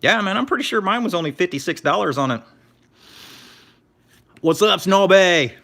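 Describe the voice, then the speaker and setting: A man's voice: high voice, big pitch swings, very fast, vocal fry, bright, forceful tone. A man casually chatting on a live stream, telling laid-back stories and thanking viewers in chat. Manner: laid-back storyteller, reads chat aloud. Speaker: scrapper streamer.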